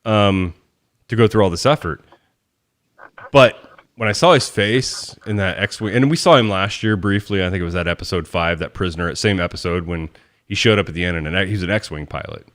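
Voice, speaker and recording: A man with a very deep voice co-hosts a casual podcast. He talks in a rambling, enthusiastic way, full of restarts and asides. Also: brisk, a bit bright. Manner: rambling, enthusiastic fan talk. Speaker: podcast co-host. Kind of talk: casual chat.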